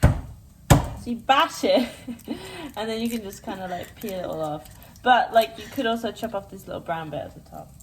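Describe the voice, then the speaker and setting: A woman's voice: mid-range voice, fairly quick. A young woman guest, playful and giggly, bantering while cooking in a home kitchen. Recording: distant camera mic with noise.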